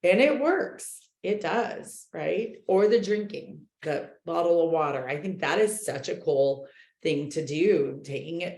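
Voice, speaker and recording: Woman, low voice, chatty coach, roomy echo. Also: measured pace. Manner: animated, chatty, many fillers. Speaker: real estate coach leading a book club. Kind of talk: casual group talk, reading and commenting.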